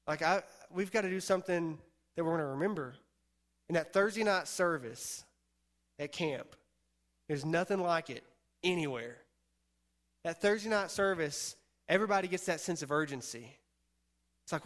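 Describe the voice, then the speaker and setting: High-voiced youth pastor, chatty sermon. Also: male voice, normal speed, pauses often, a bit bright. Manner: chatty storytelling, many fillers, acts out quotes.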